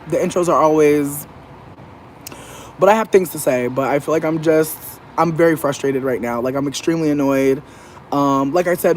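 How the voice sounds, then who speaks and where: A man venting in a casual, profane monologue. He talks animatedly and mimics other people in a high voice. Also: a little hiss or hum. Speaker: vlogger.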